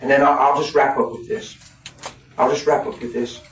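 A man in his fifties preaching a sermon, folksy and animated, laughing as he tells stories. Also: mid-range voice, brisk, a little hiss or hum. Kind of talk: sermon with storytelling. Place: church hall. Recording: echoey hall from far off, crowd. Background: congregation.

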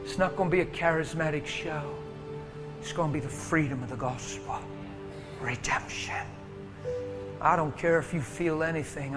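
A high-voiced male preacher tells a healing story to a congregation. He swings from hushed whispers to sudden loud bursts. Music plays under the voice. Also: fairly even intonation, normal speed. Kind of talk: sermon testimony.

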